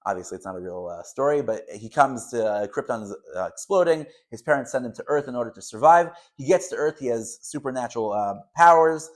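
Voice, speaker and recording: A man teaching a Torah lesson to camera, talking with passion and swinging between loud emphasis and quiet asides, with Hebrew and Yiddish words mixed into his English. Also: medium pitch, lively intonation, brisk, hardly any pauses.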